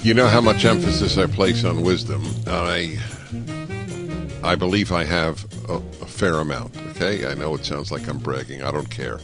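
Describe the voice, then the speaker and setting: A man hosting a talk radio show, giving a political commentary monologue in an animated, sarcastic way with wry asides, speaking into a studio microphone. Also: low voice, normal speed, music in the background.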